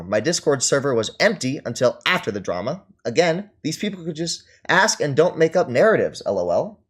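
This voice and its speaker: Mocking male streamer with lively pitch. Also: fairly quick, hardly any pauses, husky. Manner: mocking, scornful, laughs often. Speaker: streamer reacting to chat. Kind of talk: livestream commentary.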